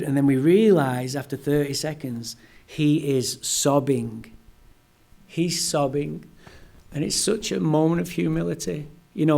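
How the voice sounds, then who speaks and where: A man telling his personal story as a guest speaker at a recovery meeting, animated and blunt, with some profanity. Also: on the high side, vocal fry. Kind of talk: personal storytelling talk to a live audience.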